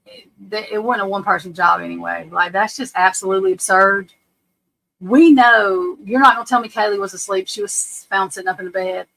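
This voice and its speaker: A woman hosting a live stream, giving casual true crime commentary in a blunt, profane, animated way and often laughing. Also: mid-range voice, brisk, creaky, rough recording. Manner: laughs often while telling stories. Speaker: livestream host. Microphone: webcam or desk mic on a live stream.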